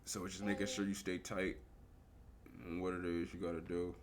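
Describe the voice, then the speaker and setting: Deep-voiced casual trader on a livestream. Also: male voice, moderate pace, crowd noise. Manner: relaxed, slangy and explanatory, asks and answers his own questions. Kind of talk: casual live trading commentary.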